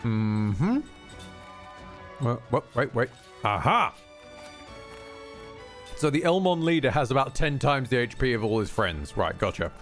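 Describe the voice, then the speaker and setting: A man streaming a video game jokes and swears his way through it in an unhurried, lively voice. His pitch swings widely as he reacts, while faint game music plays in the background. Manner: playful, crude, jokey. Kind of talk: casual gameplay commentary.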